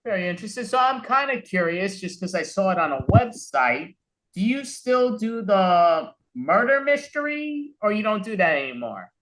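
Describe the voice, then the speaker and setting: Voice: medium pitch, sing-song, normal speed, a bit bright. A podcast host asking rambling, hesitant questions in a casual interview.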